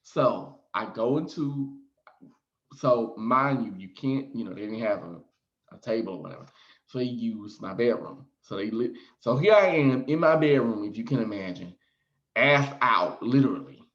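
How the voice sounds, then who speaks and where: A man's voice: mid-range voice, animated, normal speed, a bit bright, dull audio. A man telling a frank personal story to his viewers in a casual, theatrical way, acting out his own reactions. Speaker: storyteller vlogger.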